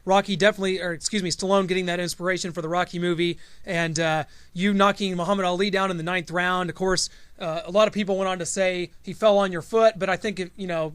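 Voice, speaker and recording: A man's voice: high voice, steady tone, fast, hardly any pauses, a bit bright, no room sound. A man hosting a podcast, asking earnest questions and now and then stumbling over his words. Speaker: podcast host. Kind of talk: interview questions.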